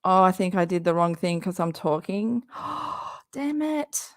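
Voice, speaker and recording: A woman's voice: on the low side, expressive, slow pace, dry recording, clean studio sound. A woman hosting a casual reaction livestream, chatty and sarcastic, rambling and laughing often. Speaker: livestream host.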